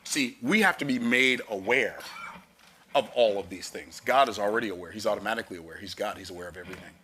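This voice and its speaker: A man's voice: on the low side, fast talker, pushed and bright, slight background noise. A man preaching a sermon, reading scripture aloud and explaining it with emphatic, rising declarations.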